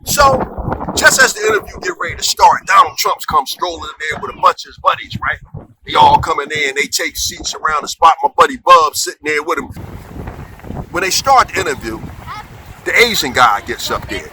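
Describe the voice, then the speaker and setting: A comedian with a rather high voice tells a funny story at a brisk clip, loose and conversational, frequently checking in with "right?" It's an animated storytelling comedy monologue, captured in poor audio with slight background noise.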